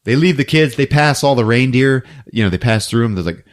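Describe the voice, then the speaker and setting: A man hosting a podcast who recaps a movie in a casual, animated storytelling way. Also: medium pitch, brisk. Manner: animated storytelling, acting out scenes. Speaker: podcast host.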